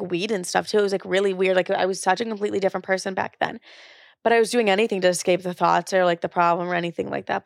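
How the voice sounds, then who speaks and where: A woman's voice: medium pitch, vocal fry, no room sound, studio quality. A young woman hosting a podcast, talking frankly and casually about her own past, with lots of "like" and occasional swearing. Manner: casual, frank, filler-heavy talk with frequent "like" and swearing. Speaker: podcast host. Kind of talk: candid personal monologue.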